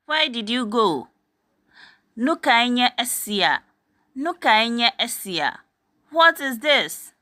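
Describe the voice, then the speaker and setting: A woman's voice: medium pitch, pushed and bright, dry recording, studio quality. A woman teaching a language, saying each short phrase twice and then giving its meaning. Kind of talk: slow phrase-by-phrase language drill.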